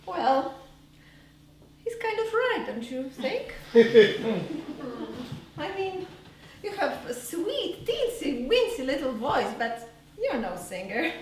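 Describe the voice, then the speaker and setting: A woman's voice: sits high, very animated, takes it slowly, long pauses, a little hiss or hum, heavily acted. A woman voicing a tired, blunt mother who teases her child, recorded live on a theater stage. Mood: teasing. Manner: bluntly teasing, chuckling. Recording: live stage, roomy hall from far off.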